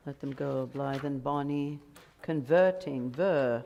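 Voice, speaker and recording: A woman's voice: low voice, lively intonation, gravelly, a little mellow. Older woman leading a choir rehearsal. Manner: brisk, encouraging, gives sung demonstrations. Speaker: choir director. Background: choir and piano music.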